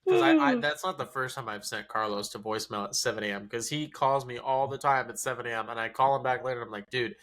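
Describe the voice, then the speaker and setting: Man, podcast co-host, rapid, swearing freely, acts out quotes. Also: medium pitch. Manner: profane, animated storytelling with acted-out quotes. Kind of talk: casual chat.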